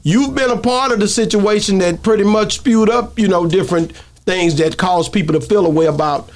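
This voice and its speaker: A man's voice: high voice, fairly quick. A man hosting an interview in loose, slangy casual chat, asking his guest questions informally. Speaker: host.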